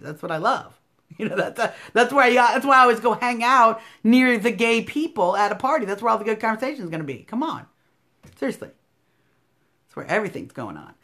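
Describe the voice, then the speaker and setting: A political live-stream host, a woman in her thirties with an American accent, offers opinionated commentary over a phone live stream. She's combative and sarcastic, lurching between loud outbursts and quiet asides.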